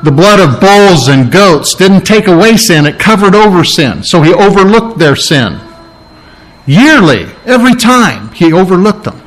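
A male pastor delivering a sermon with a slightly high-pitched voice. He talks emphatically, repeating his key phrases and stopping to unpack the meaning of words. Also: very animated, a little slow, fairly bright tone, poor audio.

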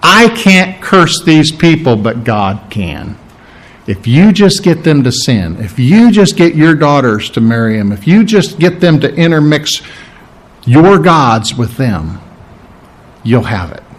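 A man's voice: a little high, big pitch swings, measured pace. A man voicing a greedy prophet who schemes and coaxes in a casual tone. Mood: scheming. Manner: wheedling, scheming.

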